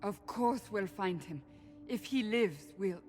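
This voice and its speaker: A woman's voice: medium pitch, lively intonation, takes it slowly, a little mellow, soft background music. An actress playing a proud, stern woman warrior who speaks in a firm, commanding way. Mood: tense. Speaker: warrior companion. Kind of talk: video game voice acting.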